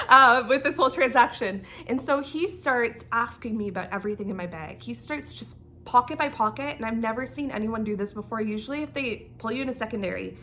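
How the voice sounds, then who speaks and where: A young woman from Canada telling an animated storytime as a knitting vlogger, laughing as she goes and acting out the dialogue. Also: fairly high pitch, a little hiss or hum. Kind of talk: casual storytime.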